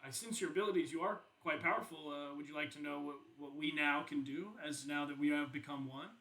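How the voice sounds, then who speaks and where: A man voicing a talking helmet with a calm, curious woman's voice, speaking in a measured, questioning way. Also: a little high, reverberant, poor audio. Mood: coaxing. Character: disembodied female helmet spirit, curious, calm.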